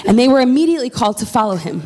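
A woman preaching in a casual, lively storytelling way, often checking in with her listeners. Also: a little high, very fast. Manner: lively, conversational, checks in with "okay?".

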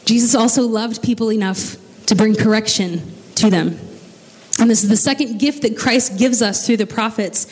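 A woman's voice: on the high side, moderate pace. A woman preacher delivering a sermon, telling the story with casual, joking asides. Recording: long reverb of a large hall.

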